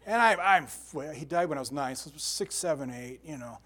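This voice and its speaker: Older male pastor, chatty animated sermon, voice sits a bit high. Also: a little fast. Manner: animated storytelling with sound effects and asides.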